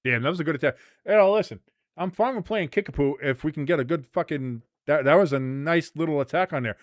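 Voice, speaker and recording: A man hosting a live match watch-along, commenting casually, swearing freely and leaping from low mutters to shouts. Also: fast, dry recording. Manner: excitable, profane, jumps from mumbling to shouting.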